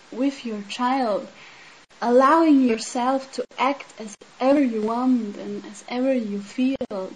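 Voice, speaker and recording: A woman's voice: fairly high pitch, slightly rough, low-quality recording. A woman from Switzerland, speaking in a casual spiritual talk and sharing her own experiences in an earnest, reflective way, often saying "like" and "um". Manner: earnest, reflective, with many "like" and "um" fillers. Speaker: speaker sharing personal insight.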